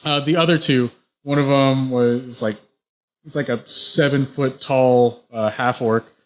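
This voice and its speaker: A man's voice: medium pitch, steady tone, unhurried. A man running a tabletop game as game master, describing the action vividly with frequent restarts.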